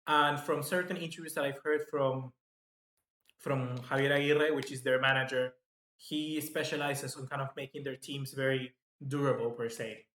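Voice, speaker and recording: A man hosting live football match reaction commentary, chatty and excitable, reading out viewer comments. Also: mid-range voice, moderate pace. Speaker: football fan channel host. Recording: echoey room.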